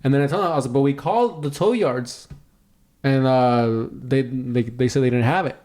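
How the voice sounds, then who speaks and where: A man co-hosting a podcast, telling a story in casual chat, acting out other people's lines with sudden jumps in pitch and lots of swearing. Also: normal speed. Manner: animated, acts out quotes with big pitch jumps, swears a lot. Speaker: podcast co-host.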